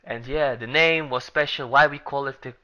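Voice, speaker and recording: A man with English as a second language, co-hosting a casual gaming podcast in an animated, jokey way with small grammar slips. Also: medium pitch, moderate pace, lo-fi sound. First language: not English. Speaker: podcast co-host.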